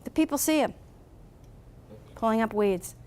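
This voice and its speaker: A woman guest speaker telling a parable to a morning crowd, with an animated storytelling manner. Her voice sits somewhat high for a woman. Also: unhurried, clear, resonant tone. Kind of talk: storytelling speech.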